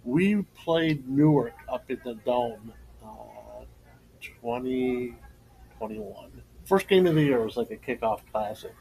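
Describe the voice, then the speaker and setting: A man's voice: medium pitch, sing-song, slow pace, creaky, warm tone, rough recording. Middle-aged male co-host, laughing storyteller, faint hum behind. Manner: storytelling, laughs often, emotional tribute. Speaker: co-host and former coach. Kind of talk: casual podcast chat.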